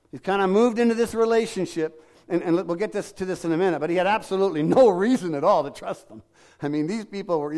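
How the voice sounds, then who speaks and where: A man's voice: fairly high pitch, a little mellow. A middle-aged man preaching a sermon in a conversational way, acting out quoted lines and asking the congregation questions. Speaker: pastor.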